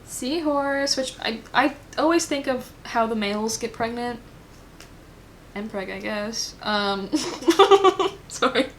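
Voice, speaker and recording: A woman's voice: a little high, expressive, slow pace, a little hiss or hum. A woman giving a casual pick-a-card tarot reading, rambling and thinking aloud with lots of fillers. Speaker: tarot reader.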